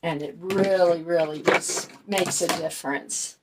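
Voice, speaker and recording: A woman's voice: low voice, steady tone, unhurried, creaky, heavy background noise. A middle-aged woman hosting a crafting channel, chatting in a folksy way while she paints and explains each step. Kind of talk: casual craft tutorial talk.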